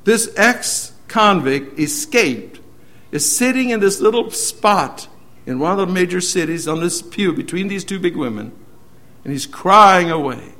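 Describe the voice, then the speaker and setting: A man preaching a sermon, earnestly retelling a story and often letting his sentences trail off softly. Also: high voice, lively intonation, measured pace.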